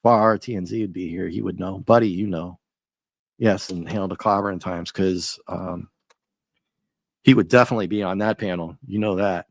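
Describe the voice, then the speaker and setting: A man hosting a live stream, chatting and ranting casually with viewers, his voice a little rough and often breaking into laughs. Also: low-pitched, fairly even intonation, normal speed, no room sound. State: slightly rough voice. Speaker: livestream host.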